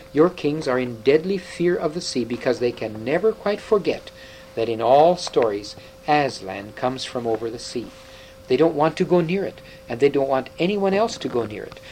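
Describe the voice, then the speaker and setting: A wise, sorrowful old half-dwarf scholar speaks with grave tenderness, as a male reader puts him on. His voice sits at an ordinary pitch. A faint hum runs behind him. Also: a little mellow, natural voice, poor audio.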